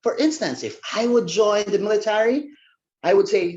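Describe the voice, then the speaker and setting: A man's voice: high-pitched, normal speed, darkish tone, lo-fi sound. A man giving a humorous contest speech, playful and theatrical. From Philippines.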